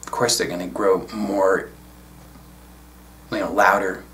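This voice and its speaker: Male spiritual teacher, lowish voice, reflective unhurried solo talk, faint hum behind. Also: flat delivery, fairly bright tone. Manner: reflective, unhurried, casual asides.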